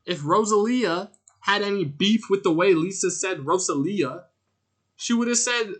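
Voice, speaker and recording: A man streaming a game, chatting casually and rambling in a jokey way, with sudden loud outbursts as he answers his chat. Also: high-pitched, measured pace. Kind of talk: casual gameplay commentary.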